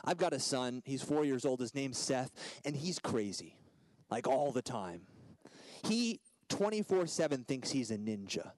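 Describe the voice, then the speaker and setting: A man in his thirties preaching a sermon as a guest speaker, swinging between loud emphatic lines and soft hushed ones. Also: medium pitch, very animated, measured pace, no room sound, poor audio.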